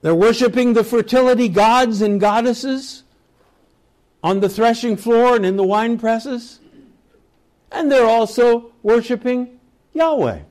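A man teaching a Bible study, retelling scripture stories in a slow, reflective way and reading passages aloud. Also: very high-pitched, a little mellow. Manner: slow, reflective storytelling with chuckles.

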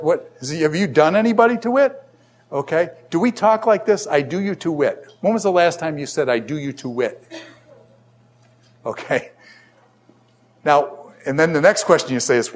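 An older man giving a classroom lecture in a conversational way, asking the class many questions as he teaches. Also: on the high side.

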